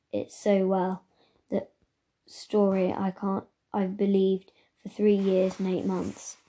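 Woman reading a kids' novel out loud, dark mellow voice, steady, trips over a word now and then. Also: mid-range voice. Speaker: reader. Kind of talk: reading a children's novel aloud.

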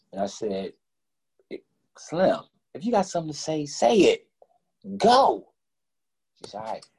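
Man, gravelly husky voice, animated profane storytelling, acts out every voice. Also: mid-range voice. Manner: animated, profane, acts out both sides of conversations. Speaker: guest. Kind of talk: casual storytelling.

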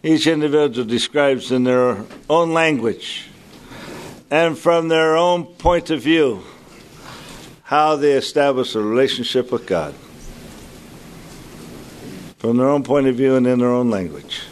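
A man introducing the next speaker to a crowd at a retreat, speaking warmly and slowly with fillers and pauses. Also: medium pitch. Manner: warm, unhurried, pauses with fillers. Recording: faint background noise.

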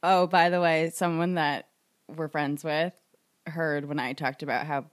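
A woman co-hosting a podcast in casual chat, blunt and quick to swear. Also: deep voice. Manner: blunt, swears freely, lively reactions. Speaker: podcast co-host.

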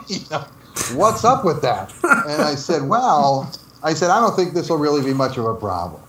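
A man's voice: fairly high pitch, a bit bright, reverberant. A man from New Jersey telling stories as an interview guest, laughing often and acting out the dialogue he quotes. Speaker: interview guest, former game developer. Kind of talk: casual storytelling interview.

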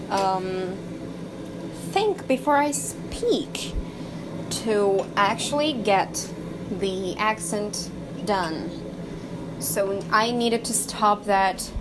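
A woman's voice: medium pitch, background noise. A woman vlogging casually to the camera, hesitant and often stopping to search for words and correct herself, in her kitchen.

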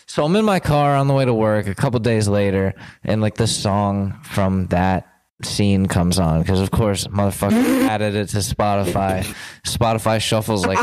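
A man's voice: fairly low pitch, expressive, normal speed, darkish tone. A young man co-hosting a podcast, telling a long story in casual chat, swearing and laughing as he goes. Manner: rambling, swearing storyteller who laughs through his own stories. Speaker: podcast co-host.

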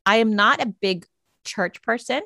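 A woman's voice: on the high side, measured pace, creaky, sharp tone, no echo, studio quality. A middle-aged woman, a psychic medium guest, chatting casually and bluntly, swearing freely and acting out what she and others said. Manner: blunt, swears freely, acts out her own quotes. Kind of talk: casual interview chat.

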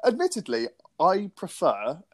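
A man's voice: sits high, huge pitch swings, unhurried, no echo. A man co-hosting a casual podcast, rambling and joking with friends. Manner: jokey, rambling, laughs often. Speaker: podcast co-host. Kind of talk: casual chat.

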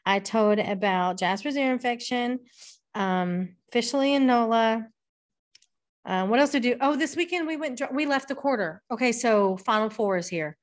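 A woman's voice: fairly high pitch, expressive, moderate pace. Woman, middle-aged, casual podcast chat, rambling storyteller, laughs a lot. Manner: chatty storyteller, laughs often, swears casually. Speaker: podcast co-host.

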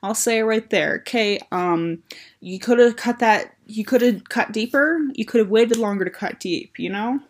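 A woman's voice: fairly high pitch, moderate pace. A woman casually commenting on and reading aloud her teenage fan fiction, rambling, frank and self-mocking. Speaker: video host reviewing her own teenage fan fiction.

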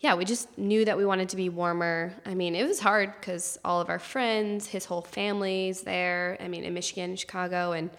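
A woman from Maine talks in a casual, candid way, often laughing. Her voice is low and gravelly, with some vocal fry. The room gives it a long, lingering reverb. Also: fairly even intonation, moderate pace, hardly any pauses, a bit bright. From Northern Maine, USA. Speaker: guest. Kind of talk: casual chat.

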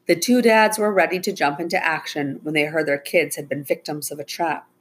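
A woman narrating a children's story aloud in an even, plain storytelling manner. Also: deep voice, a little fast, husky.

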